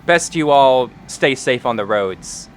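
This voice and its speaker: A man's voice: medium pitch, animated, slow, slight background noise. A man voicing a wary farm woman who keeps to herself and speaks in a terse, guarded way.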